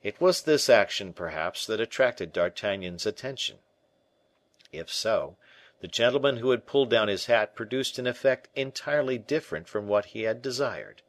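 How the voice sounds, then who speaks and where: A man narrating a classic adventure novel in a measured, expressive storytelling manner. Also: fairly low pitch, no echo. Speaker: audiobook narrator. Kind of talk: scripted narration.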